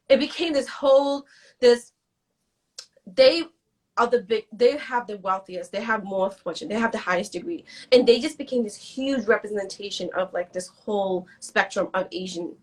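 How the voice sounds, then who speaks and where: A woman guest in a casual interview, talking in quick animated bursts and acting out quoted conversations. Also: mid-range voice. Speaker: guest, business strategist.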